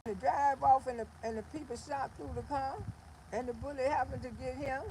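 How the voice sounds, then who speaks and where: An older woman hosting a livestream, talking casually in a blunt, animated storytelling way. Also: high voice, brisk, slight background noise, rough recording. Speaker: livestream host.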